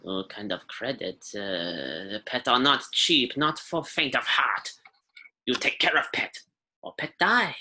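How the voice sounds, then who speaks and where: Man doing a grizzled old alien shop lady, cranky, broken clipped speech, husky. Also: mid-range voice, slow, bright, forceful tone, heavily acted. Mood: gruff.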